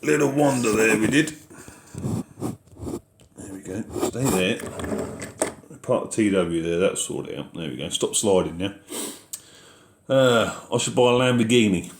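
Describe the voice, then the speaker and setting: Host, male: relaxed farmer reading viewer questions aloud, lowish voice, echoey space. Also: a little slow, long pauses, background noise. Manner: easygoing, reads out viewer questions then answers. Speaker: farming video host answering live chat. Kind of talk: casual live Q&A chat.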